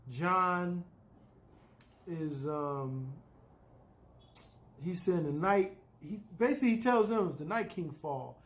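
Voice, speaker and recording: A man's voice: fairly high pitch, slow pace, long pauses. Chatty man rambling through a recap. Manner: loose, chatty, opinionated, frequent "you know" and "man". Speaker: TV episode recapper.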